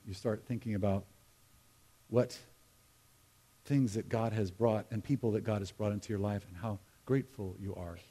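A man's voice: on the low side, dark tone. A middle-aged American pastor preaching a humorous, conversational sermon to his congregation, with asides to the people in the pews. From United States. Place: church sanctuary.

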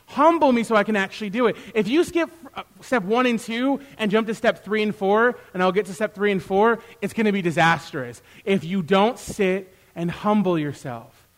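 A man with a high, light voice preaches a sermon to his church. He speaks in an animated way, acting out little back-and-forth exchanges and getting louder as he does. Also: moderate pace. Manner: animated, acts out quoted exchanges with rising loudness. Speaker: pastor; youth worker.

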